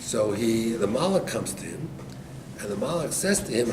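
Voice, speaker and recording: A man, a rabbi, giving an animated storytelling Torah class to listeners. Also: medium pitch, normal speed. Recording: echoey room, distant mic, background noise.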